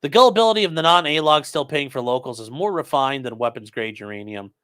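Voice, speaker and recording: A man's voice: medium pitch, expressive, fast, a bit bright, smooth. Sarcastic man reading out chat messages. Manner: sarcastic, reads donor messages aloud. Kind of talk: casual commentary stream.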